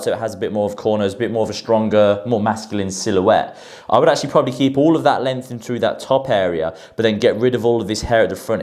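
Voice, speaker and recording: A man's voice: on the low side, darkish tone. A man hosting a grooming vlog, chatting casually about haircuts and beards and leaning on stock phrases. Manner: chatty, repeats stock phrases like 'in through there'. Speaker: male grooming specialist and host.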